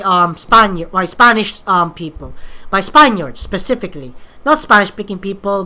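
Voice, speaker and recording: A woman's voice: a little high, pushed and bright. A young woman from the Philippines, talking through a casual, rambling monologue, hesitant and full of fillers and restarts. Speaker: vlogger.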